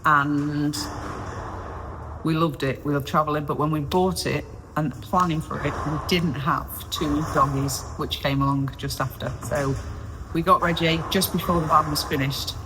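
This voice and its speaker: Low-pitched and steady in tone, her speech moves at a normal speed. This vlogger in her 40s talks casually to her own camera, on a stabilizer and sometimes far off, while doing DIY in a small caravan being renovated, rambling, self-deprecating and losing her train of thought. Wind blows outside, audible faintly in the echoey room.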